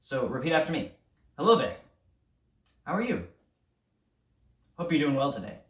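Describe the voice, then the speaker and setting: A man's voice: a little high, sing-song, moderate pace. A man teaching an elementary band lesson, leading breathing drills and counting aloud in an upbeat coaching way. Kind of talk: recorded online music lesson. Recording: roomy sound from a distance.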